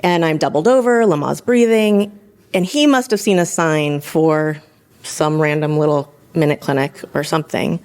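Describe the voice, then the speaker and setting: A woman in her thirties, a physician assistant, telling her own story in an animated way, laughing often and acting out what people said. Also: sits low, moderate pace. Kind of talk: personal storytelling.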